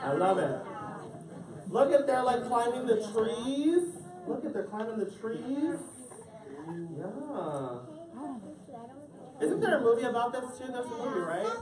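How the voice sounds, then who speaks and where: Reading a picture book to kids at an indoor family event, a drag queen speaks in a mid-range voice with big pitch swings, a little slowly and with long pauses, adding playful jokes for the audience. The room echoes, the mic is far off and the crowd is audible.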